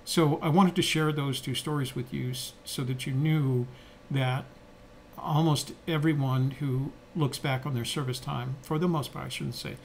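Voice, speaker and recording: An older man co-hosts a podcast, his mid-range voice carrying over slight background noise. He tells stories reflectively and conversationally, with frequent fillers and restarts.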